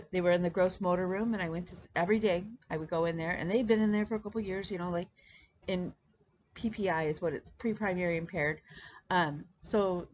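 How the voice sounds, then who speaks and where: A woman's voice: fairly low pitch, a little mellow, a little hiss or hum. A woman in her thirties chatting casually to camera as a stitching vlog host, rambling with many ums and restarts. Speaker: flosstube host.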